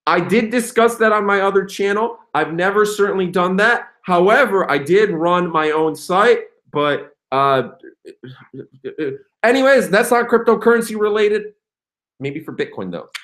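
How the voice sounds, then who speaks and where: A young man hosting a casual livestream, talking in an excitable, rambling way and reading comments aloud. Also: high-pitched, a little slow. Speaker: crypto livestream host.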